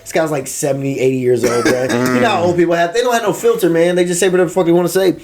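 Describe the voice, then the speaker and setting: A man hosting a comedy podcast, telling jokes and stories in a casual, animated way. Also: on the high side, racing, over a noisy crowd. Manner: animated, joking storytelling. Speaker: podcast host.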